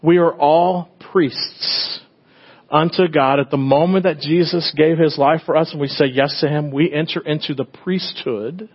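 Conversational pastor preaching, slightly dull sound. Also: male voice, fairly high pitch, fairly even intonation, a little slow, husky. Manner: conversational and storytelling, swinging from loud bursts to hushed tenderness. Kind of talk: sermon.

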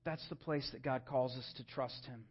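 A young man preaching a sermon as pastor, earnest and emphatic, swelling with feeling and then easing to a soft, intimate close. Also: medium pitch, fairly even intonation, moderate pace, husky, lo-fi sound. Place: church sanctuary.

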